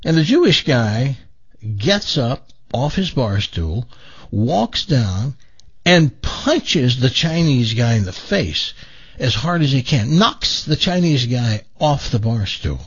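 A middle-aged man hosting a radio show, chatting casually and telling stories in an animated way. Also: slow, slightly rough. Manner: animated storyteller, lively pitch. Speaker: radio host. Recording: dull lo-fi radio broadcast.

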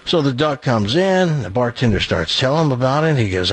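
Chatty, husky-voiced radio host. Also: male voice, mid-range voice, animated, fairly quick, hardly any pauses, dry recording. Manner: chatty, rambling, chuckling at his own jokes. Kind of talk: casual joke telling and live ad read.

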